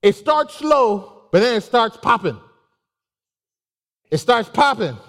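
High-voiced man preaching in a reverberant hall. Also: slow pace. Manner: animated, laughs often, exclaims. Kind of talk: casual sermon with personal stories.

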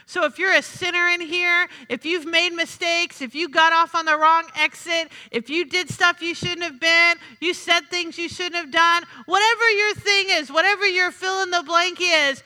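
High, bright-voiced woman preaching. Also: fairly even intonation, normal speed, few pauses. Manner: conversational, humorous preaching with call-and-response. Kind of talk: sermon. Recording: reverberant hall.

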